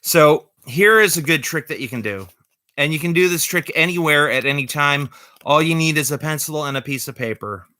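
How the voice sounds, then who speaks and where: A man chatting casually on a vlog about magic tricks, rambling and halting with many fillers and corny jokes. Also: a little high, pushed and bright, dry recording, studio quality. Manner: corny jokey delivery. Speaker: vlogger showing magic tricks.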